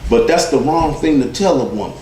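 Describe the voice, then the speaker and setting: High lively male stand-up comic. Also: brisk, slight background noise. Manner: animated, profane, laughs at his own jokes. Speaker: stand-up comedian. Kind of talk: stand-up storytelling. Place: comedy club stage. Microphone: stage mic. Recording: echoey club from a distant mic. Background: audience laughter.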